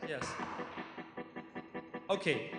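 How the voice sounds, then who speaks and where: A man narrating as game master at a tabletop game, animated and full of fillers, in a conference hall. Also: very slow. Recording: echoey hall with music behind.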